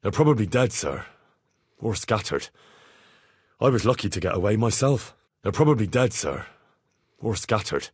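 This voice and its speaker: An actor playing an earnest, dutiful young squire in a medieval game, speaking plainly and deferentially in recorded dialogue lines. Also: male voice, fairly low pitch, big pitch swings, normal speed, pauses often, slightly rough, dry recording, clean studio sound. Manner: plain, sincere and deferential, with many lines read twice. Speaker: player character in a game. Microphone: close studio mic.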